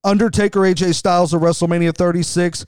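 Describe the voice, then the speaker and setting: A man's voice: high voice, fairly even intonation, quick pace, darkish tone, smooth, no room sound, clean studio sound. A middle-aged man hosting a wrestling show, giving enthusiastic, conversational commentary with frequent restarts. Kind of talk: podcast commentary.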